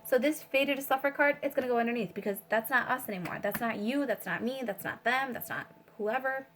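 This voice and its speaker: A woman's voice: fairly high pitch, brisk, fairly bright tone. Rambling woman giving a tarot reading. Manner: rambling, swears freely, many fillers. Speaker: tarot reader. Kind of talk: casual spiritual reading.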